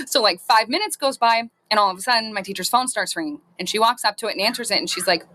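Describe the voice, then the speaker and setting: A middle-aged woman telling funny personal stories in a casual, animated way, often laughing. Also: medium pitch, fast, a little hiss or hum. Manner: lively, laughing between lines. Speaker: storyteller. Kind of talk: casual anecdote.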